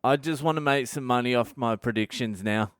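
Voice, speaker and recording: Fairly quick and fairly bright, with a clear, resonant mid-range voice, a middle-aged Australian comedian tells stories on the podcast he hosts. It is a profane, ranting comic monologue full of self-mockery, recorded with clean studio sound and no echo.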